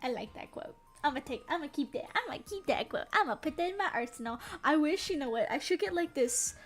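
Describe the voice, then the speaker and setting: Quick and expressive, this young streamer's high voice carries a casual, rambling live-stream chat full of giggles and frequent laughter. Faint music can be heard behind her.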